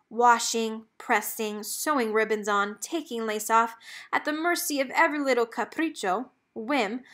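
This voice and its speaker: Woman reading a picture book aloud. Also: fairly high pitch. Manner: clear, expressive storytelling with Spanish words. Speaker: read-aloud host.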